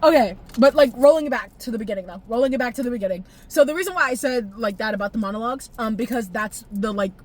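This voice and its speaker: Young woman, highish voice, swearing, laughing, emotional vlog rant. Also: fast talker, few pauses. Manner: expressive, profane, laughs often, jumps pitch when excited. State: tearful at times. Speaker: vlogger. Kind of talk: casual animated recap.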